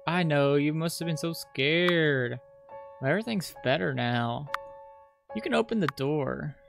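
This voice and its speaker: A creature from the basement mimics a parent and wheedles someone into opening a door, as a streamer reads its lines. The voice has a rough, creaky grain. Loud piano music plays underneath. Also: medium pitch, lively intonation, measured pace. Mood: coaxing. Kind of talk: reading game dialogue aloud.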